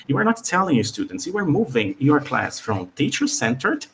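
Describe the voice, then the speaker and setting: A man's voice: mid-range voice, sing-song, normal speed, a bit bright, a little hiss or hum. A man whose first language is Portuguese, presenting a live teacher-training webinar over a video call, explaining step by step with frequent "all right?" check-ins and fillers. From Brazil.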